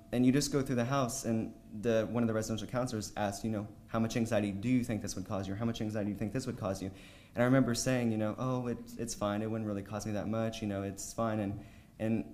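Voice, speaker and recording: A man's voice: on the low side, a little mellow. A young man from the United States telling a personal story as a conference panelist, rambling with many ums and restarts. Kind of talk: personal story told to a live audience.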